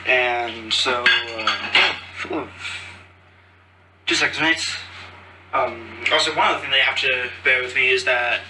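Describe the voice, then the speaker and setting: Recorded on a phone from afar, a podcast host speaks at a measured pace in a mid-range voice. He's upbeat and talkative, drifting and losing his thread, while dishes, cutlery and pots clatter loudly amid other background noise.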